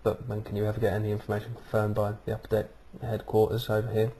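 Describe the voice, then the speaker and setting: Speaking into his webcam mic, a vlog host rambles casually, filling the gaps with plenty of "um"s and "uh"s. He talks fast in a lowish, warm, monotone voice.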